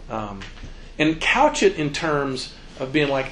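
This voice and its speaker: A man's voice: mid-range voice, fairly quick, a little hiss or hum, low-quality recording. A middle-aged man giving a conversational church seminar talk, acting out quotes as he goes. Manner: conversational, animated, acts out quotes. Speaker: youth ministry speaker.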